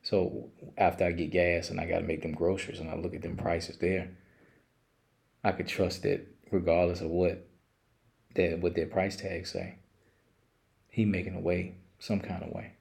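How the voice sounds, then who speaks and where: A man's voice: deep voice, little pitch movement, unhurried, vocal fry, pauses often, darkish tone. An older man leading a casual Bible study, reading verses aloud and then explaining them in plain everyday talk.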